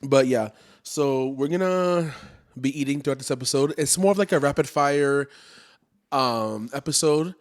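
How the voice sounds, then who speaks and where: A man's voice: mid-range voice, normal speed. Easygoing young man hosting a podcast. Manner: easygoing, rambling, self-correcting. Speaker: podcast co-host. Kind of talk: casual chat.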